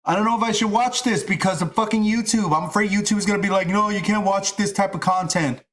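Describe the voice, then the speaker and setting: Man, middle-aged, profane, frustrated rant, casual streamer talk, slightly high voice. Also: fast talker, fairly bright tone.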